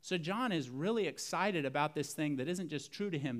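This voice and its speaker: A man's voice: fairly high pitch, animated, normal speed, hardly any pauses. Earnest man preaching a sermon. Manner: earnest, emphatic, repeats key phrases for weight. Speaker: pastor.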